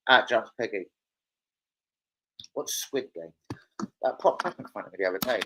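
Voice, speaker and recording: A man's voice: medium pitch, animated, moderate pace, long pauses, fairly bright tone, low-quality recording. A man hosting a casual fan live stream, crude and rowdy, joking with his chat. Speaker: fan channel host. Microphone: streaming setup.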